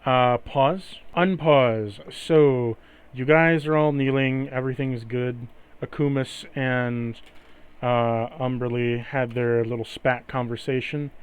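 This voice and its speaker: A man's voice: medium pitch, steady tone, slow pace, clean tone. A man narrating a tabletop game as game master in a casual, loose way.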